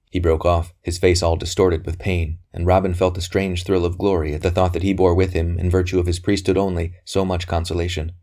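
A deep-voiced man narrates a novel aloud, steady and measured. His delivery is even and unhurried, carrying the story along. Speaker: audiobook narrator.

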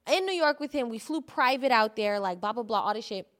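A woman co-hosting a podcast, telling a story in animated, casual chat and swearing often. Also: fairly high pitch, fairly quick. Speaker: podcast co-host.

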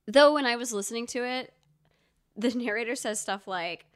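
A woman's voice: on the high side, normal speed, clean tone. Chatty woman telling theme park stories. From Georgia, US. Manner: chatty storyteller, many fillers and asides. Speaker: podcast co-host. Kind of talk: casual chat.

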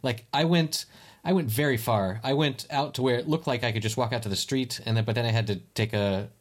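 Man, podcast co-host, casual chat, rambling storyteller, mid-pitched voice. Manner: rambling storyteller, halting restarts. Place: lives in Spain.

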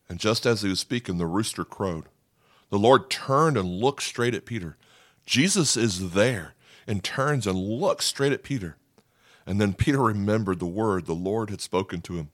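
Low-voiced man preaching a sermon. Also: normal speed, no echo, clean studio sound. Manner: conversational and animated, acts out voices. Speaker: pastor.

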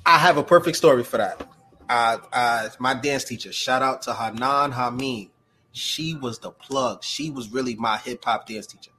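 A man's voice: mid-range voice, normal speed, a little hiss or hum. A man, a podcast guest telling stories in casual chat, full of slang and fillers. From Brooklyn, New York. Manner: animated storyteller, heavy slang and fillers. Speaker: podcast guest, cosplay creator.

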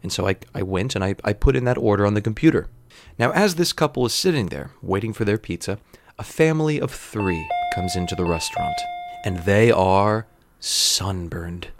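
A man in his thirties telling a comedic story with wry, digressive deadpan asides. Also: on the low side, normal speed. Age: 30s.

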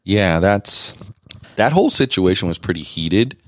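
A man co-hosting a podcast in casual chat, telling stories with emphatic, animated rises. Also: deep voice, unhurried, dry recording, studio quality. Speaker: podcast co-host.

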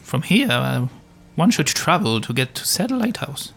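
Voicing his character Shrew in a tabletop role-play, this man puts on pompous, theatrical adventurer bluster. His mid-range voice is sing-song and a touch slow, fairly bright but slightly rough, with vocal fry.

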